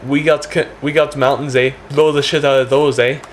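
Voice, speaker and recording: A man voicing a brash, loud male Canadian soldier who ends every sentence with "eh". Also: mid-range voice, flat delivery, normal speed, slight background noise, natural voice. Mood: boastful.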